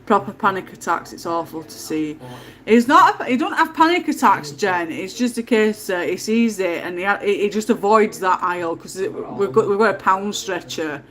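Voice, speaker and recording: A woman's voice: medium pitch, lively intonation, normal speed, a bit bright. A woman, hosting a casual livestream at home and telling stories in a chatty way, laughing often. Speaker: livestream host.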